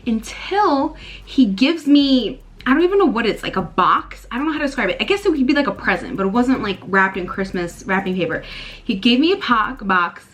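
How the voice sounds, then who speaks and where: A young woman in her twenties chatting casually to camera, telling a personal story in an animated way and talking to her viewers as y'all. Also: fairly high pitch, a little fast.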